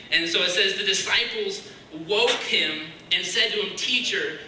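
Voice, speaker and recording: A man giving a casual, searching sermon, dropping to a hushed voice when he voices other people's prayers. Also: sits high, normal speed. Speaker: preacher. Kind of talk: conversational sermon. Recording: echoey room, mic far off, faint hiss.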